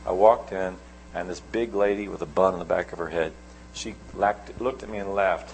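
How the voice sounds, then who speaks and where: Male preacher, middle-aged, gravelly low voice, animated storytelling, faint background hum. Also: normal speed, low-quality recording. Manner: animated storytelling, sudden loud and soft swings. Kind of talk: sermon.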